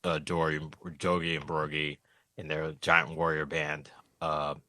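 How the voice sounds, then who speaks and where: A man, a podcast guest, recapping a comic in animated, joking casual chat. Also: rumbling low, a little slow, no room sound.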